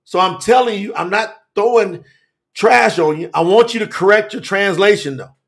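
Male preacher, high gravelly voice, emphatic and folksy, repetitive, drops low for effect. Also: moderate pace. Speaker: preacher teaching scripture. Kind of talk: fiery sermon to a live stream audience.

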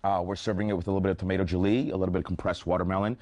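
Fast-talking low-voiced man chef. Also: flat delivery, darkish tone, dry recording. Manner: quick, upbeat food explaining. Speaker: guest chef. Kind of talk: on-air cooking segment. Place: TV news studio.

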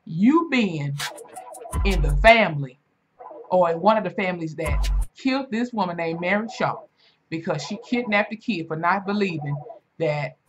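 A woman in her twenties hosting a reaction video, telling stories in a casual, animated and profane way. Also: moderate pace, lo-fi sound, soft background music. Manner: animated, profane storytelling with big pitch swings.

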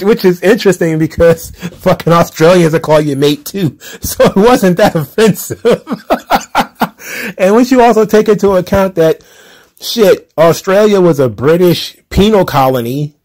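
A man's voice: a little high, darkish tone. A man hosting a casual wrestling recap show, talking loosely with frequent laughs, sarcastic asides and plenty of filler words. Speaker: wrestling commentary podcaster.

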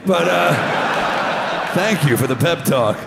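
A man's voice: on the high side, expressive, slow, vocal fry. A man doing profane, teasing stand-up crowd work on a comedy club stage, with a handheld mic. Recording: roomy live club with crowd noise.

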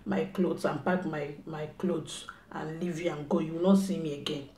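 A young mother talks at home in a mellow, darker voice, scolding and repeating herself in a mock-stern tone. The room is echoey and roomy. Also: sits low, fairly even intonation, normal speed, a little hiss or hum. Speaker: mother and vlogger. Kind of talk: casual family prank talk.

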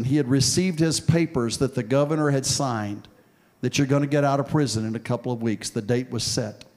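A man preaching a sermon and telling a story from his own past, dropping soft and low, then building to loud, forceful preaching. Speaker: pastor. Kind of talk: sermon with personal testimony.

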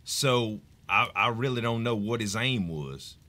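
A man chatting in character during a roleplay game, laid-back and halting, often restarting his words. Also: on the low side, lively intonation, pushed and bright. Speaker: roleplay player.

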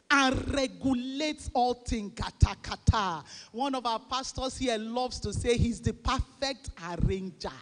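A woman pastor preaching a sermon, leading the congregation in call-and-response and often rising to shouts. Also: high voice, animated, takes it slowly, hardly any pauses. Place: church. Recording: long reverb of a large church hall.

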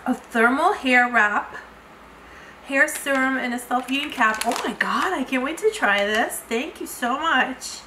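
A woman's voice: high voice, unhurried, sharp tone, echoey room, a little hiss or hum, low-quality recording. A woman beauty vlogger chatting through an unboxing, gushing and exclamatory as she talks to her viewers. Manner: gushing, effusive, frequent exclamations. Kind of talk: unboxing vlog chat.

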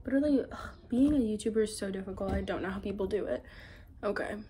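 A woman's voice: mid-range voice, quick pace, dark tone. A young woman chatting casually in a home vlog, rambling and poking fun at herself. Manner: chatty, self-mocking, rambling. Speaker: YouTuber.

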